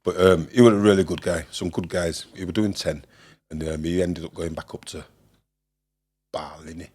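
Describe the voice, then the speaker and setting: A man's voice: sits low, steady tone, normal speed, darkish tone, slightly rough. A man from Leeds with a Leeds accent, telling stories as a guest in a casual interview, swearing freely and acting out the people in them. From Leeds, England. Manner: swears freely, often laughs, acts out the people in his stories. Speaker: former boxer, guest.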